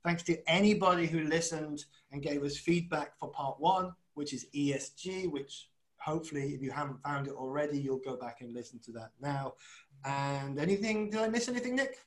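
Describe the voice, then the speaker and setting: A man's voice: fairly high pitch, normal speed, rough recording. A man co-hosting a podcast in casual chat, chatty and self-deprecating, asking long rambling questions. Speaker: podcast co-host.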